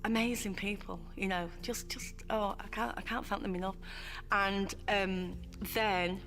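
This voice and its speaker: A woman's voice: mid-range voice, fairly even intonation, unhurried, fairly bright tone. A woman giving a heartfelt filmed testimony as a former client, often repeating phrases for emphasis.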